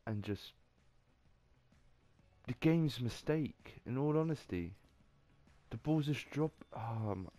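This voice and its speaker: A man's voice: medium pitch, animated, slow, long pauses, dark tone, dry recording. A young man ranting and swearing while playing a football video game. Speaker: gamer. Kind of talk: angry gameplay commentary.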